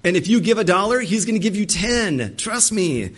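A man voicing a smooth-talking false preacher in a sermon, coaxing and upbeat, pitched higher than his own voice. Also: big pitch swings, normal speed.

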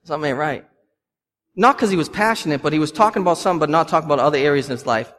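A man's voice: fairly high pitch, animated, racing, fairly bright tone. A man, preaching a sermon with passion and repeating lines for emphasis. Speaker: pastor. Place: church. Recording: long hall reverb.

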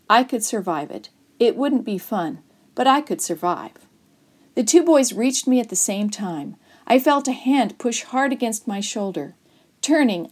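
A woman reading a story aloud to children as a storyteller, in a gentle, expressive manner. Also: a little high.

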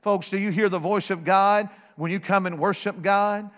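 A middle-aged man preaching a sermon, fervent and repetitive, building to shouts. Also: high voice, steady tone, moderate pace. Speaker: guest preacher. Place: church sanctuary. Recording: long hall reverb.

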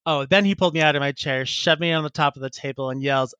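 A man's voice: on the high side, fast, few pauses, bright, forceful tone, clear, resonant tone, no room sound. Man, podcast co-host, casual chat, reads listener emails, giggly and rambling, dry sound. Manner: laughs often, rambling and self-interrupting.

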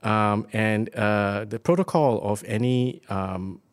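A man's voice: lowish voice, slow pace. A man, chatting in an easygoing, teasing way. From Singapore. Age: 50s. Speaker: comedian guest. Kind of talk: casual chat.

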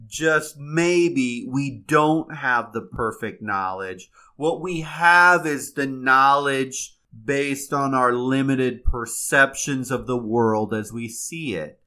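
Guy telling a folk tale then the moral, chatty with restarts, bright voice. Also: medium pitch, slow, few pauses. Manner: conversational, with fillers and restarts. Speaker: storyteller. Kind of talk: casual storytelling with a moral.

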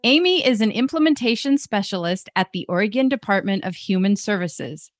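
A young adult woman hosting a podcast, cheerful and quick to laugh. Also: medium pitch, animated, dry recording, studio quality, soft background music. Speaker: podcast host. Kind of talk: upbeat podcast chat.

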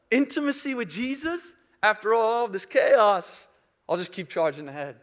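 A young male pastor preaching with a bright, high-set voice. He tells stories with big animated outbursts, acting out panic, then pulls back to a hushed, intimate tone for the reflective points. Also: moderate pace. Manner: drops to a soft hushed tone for reflective lines. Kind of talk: sermon.

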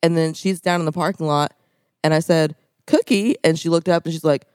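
A woman co-hosting a podcast, retelling stories in an animated casual chat. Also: deep voice, fairly quick, smooth, no echo, studio quality. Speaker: podcast co-host.

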